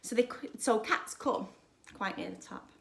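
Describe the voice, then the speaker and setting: A woman teacher reading a children's story aloud in a lively, expressive way, with chatty asides. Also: fairly high pitch, measured pace, vocal fry, reverberant. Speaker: primary school teacher.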